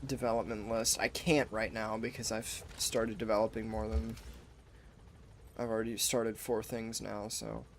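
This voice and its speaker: A man's voice: on the low side, flat delivery, measured pace, a little hiss or hum. Laid-back man commenting on a game. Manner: laid-back, swears, says bro. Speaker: gamer. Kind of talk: casual gameplay commentary.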